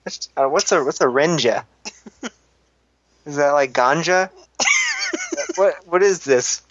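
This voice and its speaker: A man with a slightly high voice co-hosts a casual podcast. He reads listener comments and answers with quick, exasperated jokes. The recording sounds dull and lo-fi. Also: background noise. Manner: joking, exasperated, quick asides. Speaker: podcast co-host.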